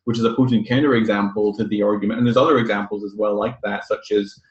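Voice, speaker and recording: A man's voice: fairly low pitch, steady tone, fast talker, roomy sound, dull audio. A man on a webinar panel making an emphatic, argumentative point. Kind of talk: webinar discussion.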